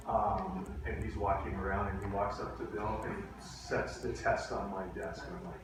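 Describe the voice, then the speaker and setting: A man teaching a class, telling a story and acting out the quotes in lively voices. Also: fairly low pitch, a little fast, hardly any pauses, noisy background. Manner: animated, acts out quotes in voices. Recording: echoey classroom from far off.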